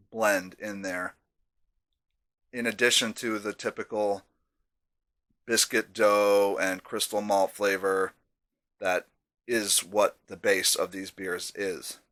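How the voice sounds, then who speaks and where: Man, lowish voice, chatty beer reviewer, self-deprecating asides, casual vlog. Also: steady tone, slow pace, long pauses, fairly bright tone.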